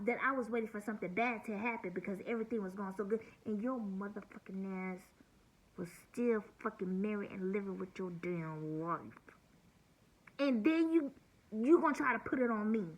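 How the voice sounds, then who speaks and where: Bright-voiced woman venting in a vlog. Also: a little high, rough recording. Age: 40s. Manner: blunt, venting, heavy swearing. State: hurt and near tears. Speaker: vlogger. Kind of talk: emotional personal vlog monologue.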